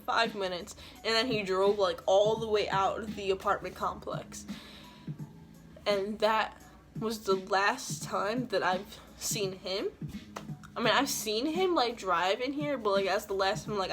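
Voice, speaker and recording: A woman's voice: mid-range voice, a bit bright. A young woman telling a casual storytime vlog, slangy and full of swearing and "like" fillers. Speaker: vlogger.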